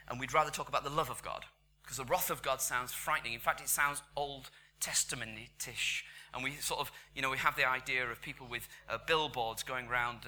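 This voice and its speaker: A man preaching a sermon in church, conversational, dropping to whispers and rising to loud emphatic bursts. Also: medium pitch, slight background noise.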